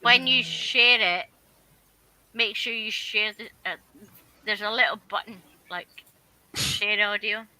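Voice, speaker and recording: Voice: medium pitch, slow pace, pauses often, bright, forceful tone, low-quality recording. A caller on a group call, chatting bluntly and swearing freely. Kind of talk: casual chat.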